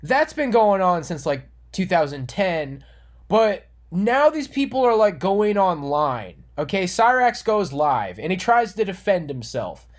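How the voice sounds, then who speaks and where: A man's voice: sits high, very animated, unhurried. A man delivering an earnest, moralizing monologue as an online commentator. He repeats himself and restarts words as he talks. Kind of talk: monologue rant.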